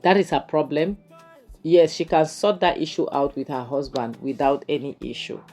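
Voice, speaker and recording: A woman's voice: low-pitched, moderate pace, warm tone, faint music behind. A young Nigerian woman vlogging a chatty review of a drama series, full of "you know" and "to her it was more like" as she recaps the scenes. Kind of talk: casual video commentary.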